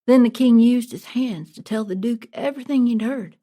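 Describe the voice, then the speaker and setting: A woman narrating a story in a plain, steady storytelling manner. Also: on the high side, normal speed. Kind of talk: audiobook narration.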